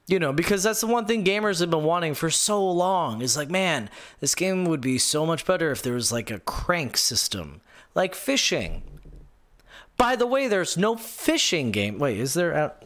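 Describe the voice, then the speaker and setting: A male gaming show host with a slightly bright voice on the high side rants live on stream, sarcastic and incredulous. He rambles through many restarts and fillers and reads viewer comments aloud.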